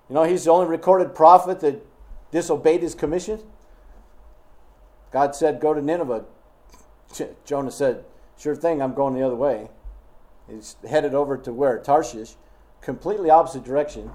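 A man's voice: a little high, mellow. A man preaching a sermon in an emphatic, scolding way, full of rhetorical questions.

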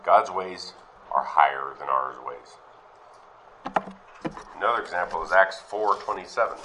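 Male preacher, low and forceful, reads verses then asks questions, faint hiss. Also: expressive, measured pace, poor audio. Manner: reads scripture aloud, then questions and explains it. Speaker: Bible teacher. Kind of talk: Bible teaching sermon.

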